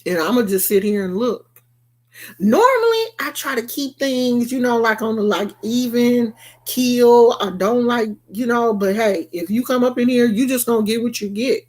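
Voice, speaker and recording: A woman's voice: on the high side, a little fast, a little mellow. A woman vlogger delivering a blunt, repetitive rant to her viewers. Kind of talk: emphatic rant to camera.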